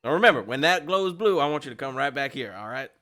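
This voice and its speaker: Give me a portly, smooth-talking egg merchant, put on by a man in a tabletop game. He wheedles and flatters in a bright voice that swings up and down. Friendly on the surface, always angling for a favor. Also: mid-range voice, fast. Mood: schmoozing. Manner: chummy, wheedling salesman talk.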